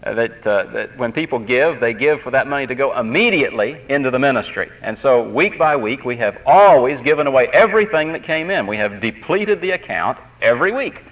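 A man's voice: medium pitch, expressive, fairly quick, hardly any pauses, fairly bright tone. A man giving a sermon as pastor, earnest and conversational, repeating phrases as he tells stories. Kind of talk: sermon with personal storytelling. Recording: dull lo-fi tape recording.

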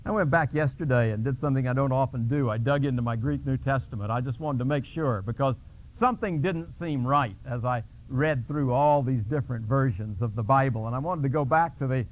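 A male pastor preaching a sermon, retelling a scripture scene dramatically and explaining a word, with restarts and fillers. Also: brisk. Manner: dramatic storytelling with sudden pitch jumps.

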